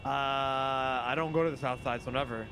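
A man's voice: mid-range voice, steady tone, normal speed, a bit bright, slight background noise, poor audio. A man streaming a role-play game, joking around in brash, profane banter.

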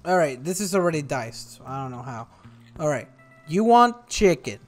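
A young man hosts a gaming video, playing a cooking game and playfully teasing its customers. His voice is on the high side and sing-song, at a moderate pace, with soft music in the background. He records at home on a desktop USB microphone.

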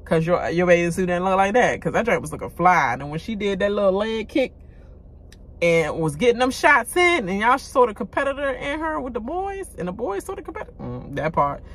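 A woman's voice: medium pitch, a little fast. Blunt woman ranting about reality TV. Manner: blunt, animated, swears freely. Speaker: reality TV commentator. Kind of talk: casual rant to camera.

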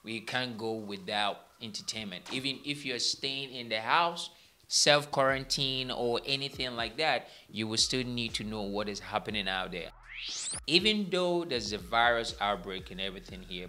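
A young man hosts a casual entertainment news update from a small studio, rambling chattily and often correcting himself. His mid-range voice sounds pushed and bright, with a little hiss or hum on the recording.

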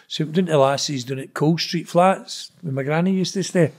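A middle-aged Glaswegian interview guest talks fast with few pauses, his husky voice sitting a little high. Telling casual stories in a blunt, sweary, rambling manner, this Scotsman keeps throwing in "know what I mean".

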